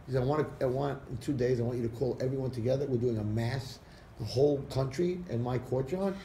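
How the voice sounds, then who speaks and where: A man, a rabbi, telling a parable to an audience and acting out the characters' lines with lively shifts. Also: mid-range voice, quick pace. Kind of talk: storytelling talk to an audience. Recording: echoey room recording with faint background noise.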